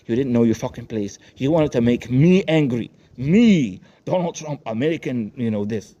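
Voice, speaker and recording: A man's voice: mid-range voice, expressive, normal speed, warm tone, natural voice. A man voicing a furious, vengeful male politician who taunts and menaces a captive. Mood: taunting. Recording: dull lo-fi with faint noise.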